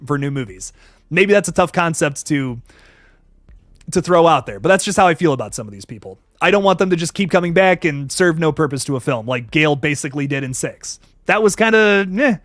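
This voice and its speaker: A young man hosting a live stream, talking fast and loose with plenty of swearing and shout-outs to chat. His voice is fairly high and swings widely in pitch. The sound is close and dry. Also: no room sound. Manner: animated, swears often, reads chat aloud.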